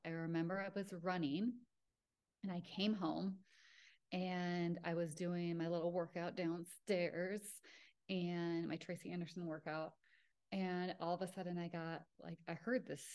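A young adult woman hosting her own podcast, telling a personal story in a casual, chatty way with lots of fillers. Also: lowish voice. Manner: chatty, filler-heavy, lively with acted-out quotes. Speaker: podcast host.

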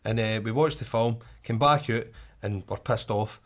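A man's voice: lowish voice, moderate pace. A Scottish man telling a rambling story in casual chat, swearing freely and laughing often.

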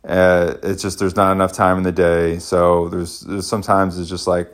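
A man's voice: low-pitched, fairly even intonation, moderate pace. A man in his thirties, a stay-at-home dad, talking casually and rambling with many restarts as he thinks aloud. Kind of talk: casual parenting vlog.

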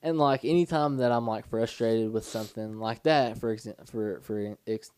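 A young man co-hosting a podcast, telling rambling stories in casual chat with halting restarts. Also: on the low side, fairly even intonation, a little mellow, clean tone, dry recording. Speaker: podcast co-host.

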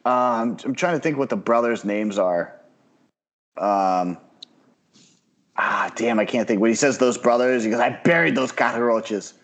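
A man's voice: lowish voice, unhurried, long pauses. A man hosting a casual podcast chat, talking in rambling, profane bursts full of fillers and restarts.

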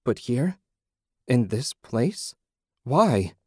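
A man's voice: medium pitch, very animated, extremely slow, slightly rough, dry recording, heavily acted. A man voicing a frightened, grieving young mother who pleads and cries out in a dry, close storybook reading. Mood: bewildered, fearful. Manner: anxious, breaking into desperate cries.

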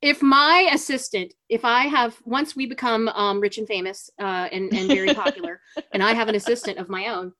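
High-voiced blunt woman joking. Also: fairly quick, pushed and bright. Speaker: podcast co-host. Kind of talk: casual movie review chat.

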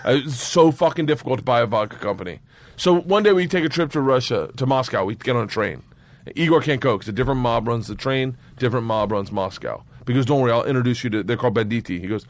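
A comedian man telling a wild story as a podcast guest, animated and profane, breaking into loud laughter. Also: mid-range voice, quick pace.

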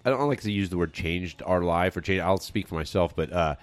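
A man's voice: deep voice, a little fast, dry recording. A man rambling in casual podcast chat, swearing freely and restarting his sentences.

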